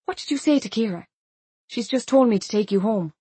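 A woman voicing an exasperated young friend who scolds in a quiet, firm way. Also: a little high, lively intonation, a little fast, husky, no room sound, pitched above the performer's own voice. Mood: annoyed. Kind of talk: audiobook character voice.

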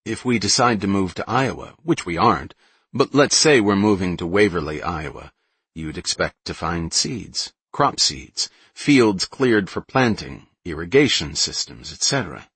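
A man reading a brainy teenage girl who explains her plans in a precise, calm way, in an audiobook. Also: low-pitched, unhurried, slightly rough, dry recording, heavily acted. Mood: explaining.

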